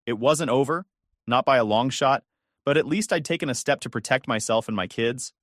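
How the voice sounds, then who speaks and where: A man's voice: mid-range voice, brisk, no room sound, studio quality. A man narrating a dramatic first-person story in an indignant, emphatic way.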